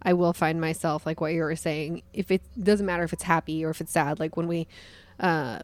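A woman in her thirties chatting on a podcast in a soft-spoken, halting way. Her voice sits a little low, and the sound is dry and close with almost no room. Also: steady tone, no room sound. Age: 30s. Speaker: podcast co-host. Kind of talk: casual podcast chat.

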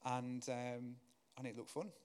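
A man, a guest preacher telling a story in his sermon, getting louder and higher as the tension builds and softer when he prays. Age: 30s. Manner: animated storyteller, grows loud and high when excited, softer and slower in prayer.

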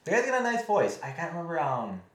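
A man hosting a podcast in casual chat, with a stutter and a lisp, talking fast and sometimes mispronouncing words. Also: a little high, huge pitch swings. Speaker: podcast host. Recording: echoey room.

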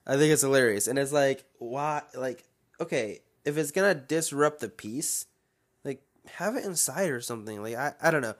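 A man's voice: mid-range voice, normal speed. A young man hosting a solo podcast, talking in a casual, rambling way and getting fired up as he rants. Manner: animated, rambling, gets fired up and ranting. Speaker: podcast host.

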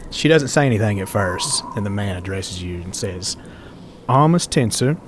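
A man narrating a tabletop game as game master in relaxed, descriptive speech. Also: sits low, moderate pace, background noise.

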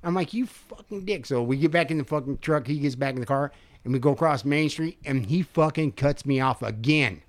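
An older man casually telling a profane, animated story on a podcast, acting out the quotes. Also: medium pitch, brisk.

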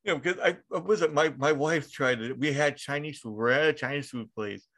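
A man's voice: fairly high pitch, fairly quick, a bit bright. A man hosting a podcast, telling rambling stories with frequent laughter and swearing. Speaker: podcast host. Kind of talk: casual chat.

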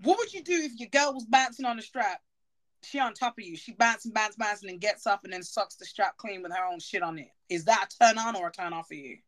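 A woman's voice: medium pitch, animated, fast talker. Woman, podcast host, casual chat, giggly, candid storyteller.

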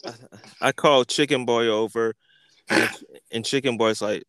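A man tells a comic story in a loose, rambling way, with plenty of profanity and mocking insults. His voice sits at an ordinary middle pitch, and he speeds up and slows down as he goes. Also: clean tone, dry recording. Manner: crude, animated, full of profanity and insults. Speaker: podcast host.

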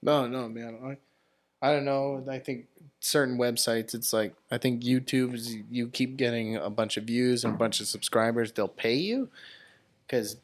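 A man's voice: mid-range voice, moderate pace. Young man co-hosting a podcast. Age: young adult. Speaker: podcast host. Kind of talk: casual chat.

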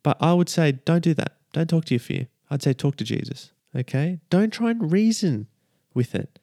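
Lively man preaching, dry sound. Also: fairly high pitch, normal speed, vocal fry, no room sound. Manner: lively, emphatic preaching with many "okay?" check-ins. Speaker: minister. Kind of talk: sermon.

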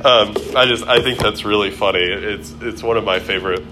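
A man's voice: fairly low pitch, fairly even intonation, a little fast. A man teaching a casual Bible study, chatty and amused, with many fillers.

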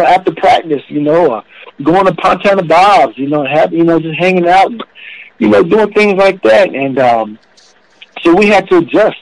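Casting note: man, earnest storyteller, slightly high voice, dry close sound. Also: dry recording, low-quality recording. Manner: earnest, emotional storytelling with many "you know"s. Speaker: former college football player, guest. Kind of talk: storytelling interview talk.

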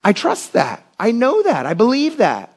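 High-voiced preaching pastor, fervent. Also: male voice, wildly swooping pitch, moderate pace, vocal fry, husky. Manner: conversational and emphatic, rising to passionate shouts. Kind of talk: sermon.

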